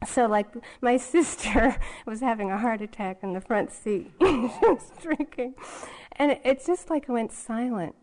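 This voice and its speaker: A woman's voice: medium pitch, darkish tone. A woman meditation teacher giving a dharma talk, telling a personal story in a candid, rambling way full of fillers and restarts.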